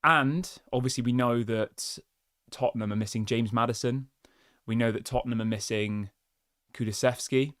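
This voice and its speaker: A man's voice: medium pitch, steady tone, normal speed, fairly bright tone. A man hosts a casual football chat show from his desk and talks straight to his viewers. He thinks aloud, restarts his sentences and piles up small asides in a mid-range voice. The sound is close and dry, with no room echo. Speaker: football channel host. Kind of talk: casual solo fan commentary.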